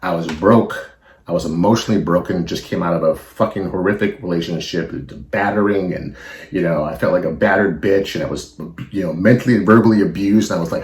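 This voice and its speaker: A low-pitched, brisk middle-aged man from California hosts a podcast, his voice reverberant. His confessional monologue is emotional, blunt, and packed with swearing.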